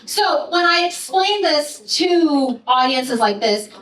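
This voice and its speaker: A woman with a high, fairly bright voice presents her research to an audience, chatting playfully with lively intonation and quick asides. She seems a bit far from the microphone, and the hall echoes around her.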